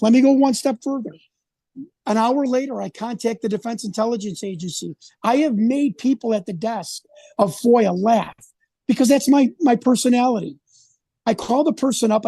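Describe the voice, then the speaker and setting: Agitated man with a dark, dry voice. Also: extremely high pitch, husky, no echo. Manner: agitated, rambling, indignant. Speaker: independent researcher, guest. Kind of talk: casual interview conversation.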